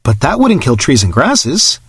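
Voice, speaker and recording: A man voicing an intense woman science officer, raising his pitch and speaking urgently. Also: huge pitch swings, unhurried, fairly bright tone, slightly rough, no echo, heavily acted. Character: intense woman officer, a ship's biosciences commander.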